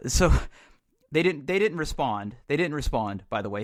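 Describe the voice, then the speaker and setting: A man's voice: on the high side, animated, normal speed. Frustrated rambling man co-hosting. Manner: rambling, frustrated, lots of restarts. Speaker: podcast co-host. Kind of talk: casual chat.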